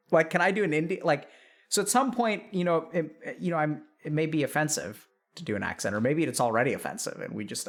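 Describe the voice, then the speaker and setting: A middle-aged man hosts a relaxed live stream, musing aloud and answering his chat as he goes. His voice sits a little on the high side for a man, and he often restarts his sentences mid-thought. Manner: thinks aloud, reads chat, frequent restarts. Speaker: streamer and doctor.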